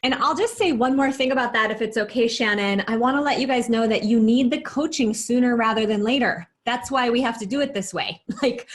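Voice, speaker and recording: A woman with a slightly high voice co-hosting a business training call. She is chatty and enthusiastic, reassuring new members. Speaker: co-host of a business program.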